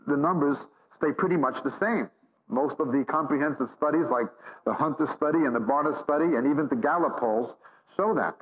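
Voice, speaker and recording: A man delivers a sermon from the pulpit, his voice sitting a little high for a man. He preaches with emphatic, repeated phrases and long lists. The recording sounds dull and lo-fi. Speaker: Bible teacher.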